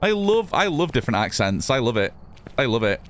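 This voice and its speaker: A man's voice: mid-range voice, sing-song, a little fast, a bit bright. Chatty northern English man streaming. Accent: mixed northern English. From northern England. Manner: chatty, reads chat aloud, swears casually. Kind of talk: casual gameplay commentary.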